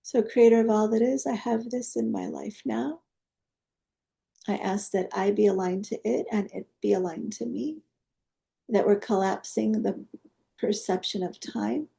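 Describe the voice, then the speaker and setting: A woman teaching energy healing. She leads a guided meditation in a soft, coaxing way, with prayer-like invocations. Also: medium pitch, measured pace, gravelly.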